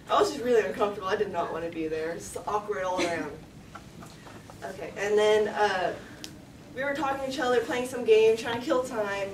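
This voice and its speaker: A woman's voice: mid-range voice, far from the mic. Young woman, live storyteller, chatty, many "likes", recorded from afar in a roomy, noisy hall. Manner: chatty, lots of "like", acts out quotes. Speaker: story slam performer. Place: event hall.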